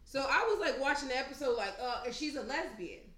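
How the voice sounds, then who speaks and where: A woman's voice: sits high, a little fast. A woman in casual conversation who tells stories with lots of energy. Her voice rises and falls widely, and the recording carries a noticeable room echo. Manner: animated storyteller, swings loud and soft, laughs often. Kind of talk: casual chat. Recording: echoey room.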